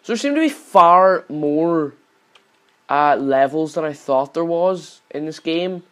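Cursing young man yelling at a game. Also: on the high side, lively intonation, slow pace. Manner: swears constantly, yells at the game in frustration. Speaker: gaming channel host. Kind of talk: gameplay commentary.

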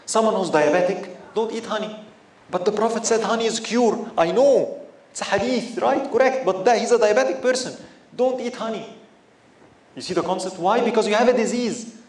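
A man giving a religious lecture in an animated way, often asking his listeners rhetorical questions. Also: sits high, a little fast. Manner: animated, asks the audience frequent rhetorical questions. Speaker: Islamic teacher. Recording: echoey room with faint ambience.

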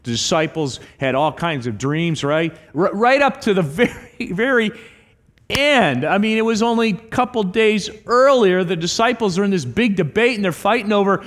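A middle-aged male pastor delivers a sermon in a slightly high voice, acting out quoted lines as he tells stories. His voice rings through a church hall with a long reverb tail. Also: normal speed. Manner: animated storytelling with acted quotes. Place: church sanctuary.

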